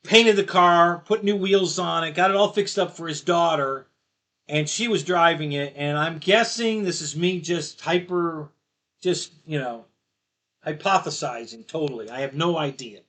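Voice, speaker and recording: A man's voice: on the high side, measured pace, fairly bright tone. A middle-aged man hosting a live stream, rambling through a casual story and laughing at his own jokes. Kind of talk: casual chat.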